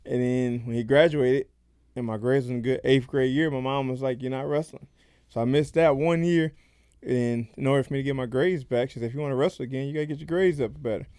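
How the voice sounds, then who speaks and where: Into a close mic, a man who fights professionally shares his own stories as a podcast guest, speaking rapidly, openly and conversationally. His voice is medium-pitched, dark and smooth, captured in a dry recording.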